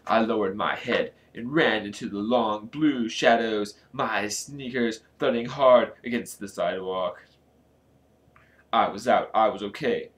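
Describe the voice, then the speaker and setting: A man casually reading a storybook aloud, with a lively delivery and joking asides. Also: fairly low pitch, a little slow. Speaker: channel host reading aloud.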